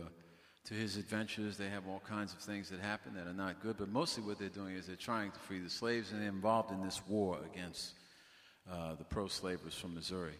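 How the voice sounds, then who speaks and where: A man's voice: low-pitched, fairly bright tone, big-room sound. A man telling a story casually to a live audience, with many fillers and jokes, recorded on a stage mic. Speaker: author and bandleader. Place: stage in a library event hall.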